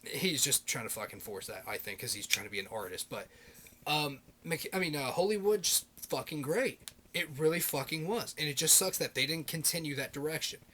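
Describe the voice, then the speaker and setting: A man in his thirties rambling excitedly in a casual video blog, swearing constantly and piling up fillers. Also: a little high, a little fast, a little hiss or hum. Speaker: video blogger.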